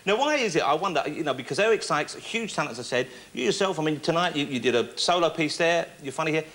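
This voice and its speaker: A man's voice: a little high, expressive, fast, fairly bright tone. A man hosting a television talk show, putting chatty, eager questions to his guest. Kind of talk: television interview. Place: television studio with live audience. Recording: noisy studio with audience. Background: audience laughter and chatter.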